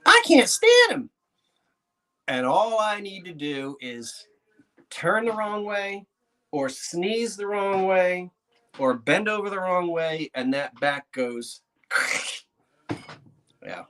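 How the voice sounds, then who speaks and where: Antiques dealer, male, excitable vlogger, chatty and prone to laughing. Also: high-pitched, takes it slowly, long pauses. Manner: chatty, excitable, laughs often, talks to himself. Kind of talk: casual vlog talk to viewers.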